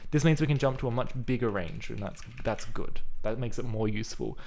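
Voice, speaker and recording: Man, mid pitch, live coding stream, thinking aloud, keyboard typing behind. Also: fairly quick, vocal fry, darkish tone, slight background noise. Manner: thinking aloud, casual and chatty. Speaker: programming livestreamer.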